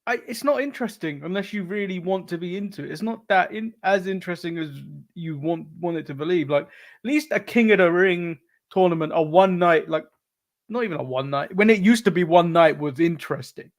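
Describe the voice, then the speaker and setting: A man's voice: high voice, fairly quick. An English man co-hosting a wrestling podcast, chatting casually, laughing often and restarting his sentences. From England. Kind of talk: casual chat.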